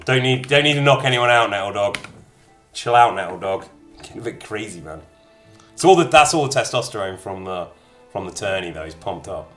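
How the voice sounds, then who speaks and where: A man casually chatting to his live-stream viewers as he plays a game, reading out their comments with jokey asides. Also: on the low side. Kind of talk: casual live-stream chat while gaming.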